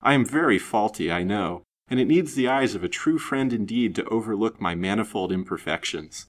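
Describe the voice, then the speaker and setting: A man voicing an earnest young gentleman in a storybook reading, courteous, formal and a little stiff. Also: fairly low pitch, expressive, normal speed. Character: earnest, gallant young gentleman, polite and grave.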